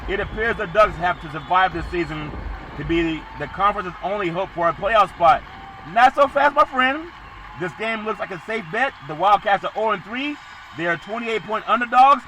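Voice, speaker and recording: A man hosting a sports podcast, previewing college football games with excitable, emphatic bursts. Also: sits high, a little hiss or hum, poor audio.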